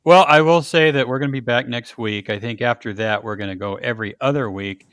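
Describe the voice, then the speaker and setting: A man's voice: medium pitch, a little fast, a bit bright, dry recording. Older male host, dry close sound, jokey and chuckling. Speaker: podcast host. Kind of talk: casual chat.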